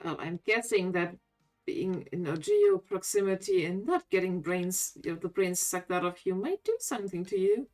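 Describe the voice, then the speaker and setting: A woman's voice: fairly low pitch, big pitch swings, normal speed, darkish tone, soft background music. A woman playing in character at a tabletop game, speaking casually and wryly. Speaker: player.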